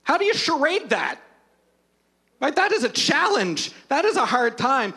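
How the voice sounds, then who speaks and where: A man preaching a sermon as a pastor, retelling scripture with humor and lively storytelling. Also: extremely high pitch, measured pace.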